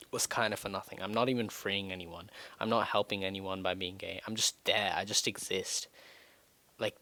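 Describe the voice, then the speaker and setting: A man's voice: sits low, bright, forceful tone. A teenage boy rambling through a frustrated personal rant, his voice rising in sudden outbursts. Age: teens. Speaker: vlogger. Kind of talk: emotional rant to camera.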